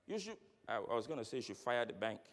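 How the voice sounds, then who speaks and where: A man's voice: medium pitch, fast talker. A man giving a motivational keynote speech at a conference, telling stories with acted dialogue and questioning the audience. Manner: animated, storytelling with acted dialogue. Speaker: keynote speaker. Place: large conference hall. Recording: long reverb of a large hall.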